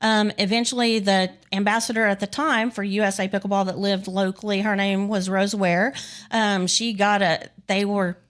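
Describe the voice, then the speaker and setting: A woman's voice: medium pitch, level tone, normal speed. A woman in her fifties from Texas, a guest chatting casually in an interview, laughing often and joking about herself. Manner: chatty, laughs often, self-deprecating humor.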